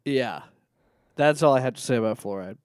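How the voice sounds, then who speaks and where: A young man co-hosting a podcast in a relaxed, agreeable way. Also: mid-range voice, moderate pace, loud music behind the voice. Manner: laid-back, agreeable, laughing easily. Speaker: podcast co-host. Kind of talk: casual chat.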